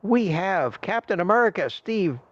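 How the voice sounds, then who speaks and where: A man's voice: high voice, animated, moderate pace, a bit bright, highs cut off. An older man hosting a casual livestream, reading the chat aloud and thanking viewers in a rambling, friendly way. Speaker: livestream host. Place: home desk at a computer.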